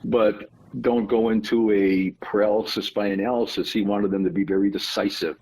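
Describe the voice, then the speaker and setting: A man, an author guest on an interview podcast, explaining his ideas in a measured, storytelling way. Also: lowish voice, steady tone, a little mellow, husky, low-quality recording. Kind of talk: conversational interview.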